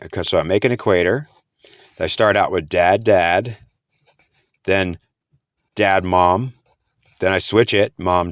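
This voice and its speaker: A man's voice: on the low side, fairly bright tone, no echo, studio quality. A man explaining spirit messages to camera. He repeats himself, sounds out words syllable by syllable, and breaks into incredulous outbursts. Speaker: spiritual speaker.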